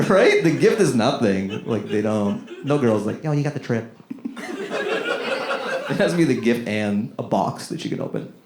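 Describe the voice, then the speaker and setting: A man's voice: medium pitch, measured pace, crowd noise. Riffing male stand-up comic. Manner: loose, riffing, lively, swears freely. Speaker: stand-up comedian. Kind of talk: stand-up comedy set. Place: small comedy room with live audience. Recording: echoey room, audience laughter.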